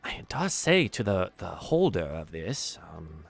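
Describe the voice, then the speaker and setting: A man's voice: deep voice, big pitch swings, measured pace, vocal fry, soft background music, pitched below the performer's own voice, full character voice. A man voicing a studious, prim male tiefling bank clerk in a tabletop game, hesitant and fussy. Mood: snooty.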